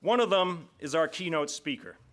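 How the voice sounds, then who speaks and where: A man's voice: a little high, animated, a bit bright. A man giving a prepared, rhetorical speech to introduce the keynote speaker at an awards dinner. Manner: measured, rhetorical, deliberate pauses. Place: banquet hall.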